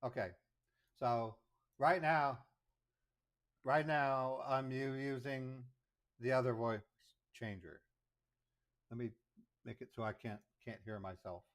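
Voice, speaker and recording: A man hosting a casual live stream, rambling and halting with many ums as he sets up a voice changer. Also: mid-range voice, no room sound. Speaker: scambaiting streamer.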